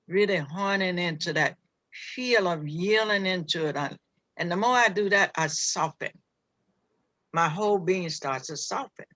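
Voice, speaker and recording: Earnest woman musing aloud, bright and dry. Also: lowish voice, no echo. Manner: earnest, searching, with many restarts. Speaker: call participant. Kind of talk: reflective sharing on a group call.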